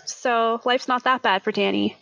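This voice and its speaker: A woman's voice: fairly high pitch, steady tone, moderate pace, gravelly, bright, forceful tone, no room sound, lo-fi sound. A nasal-voiced woman in her thirties, co-hosting a podcast in chatty, self-mocking casual talk. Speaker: podcast co-host. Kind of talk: casual chat.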